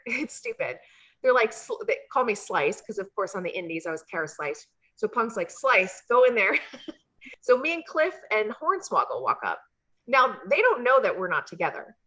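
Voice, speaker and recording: A woman, a former wrestler interviewed as a guest, telling a casual story full of fillers and bursts of laughter. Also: medium pitch. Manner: chatty, animated, frequent fillers and laughs.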